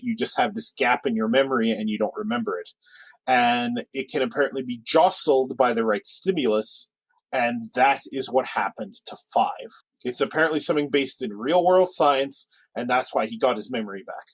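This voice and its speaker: Chatty podcast co-host, dry sound. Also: male voice, medium pitch, slightly rough, no echo, low-quality recording. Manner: chatty, rambling with restarts and quick asides. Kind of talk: casual chat.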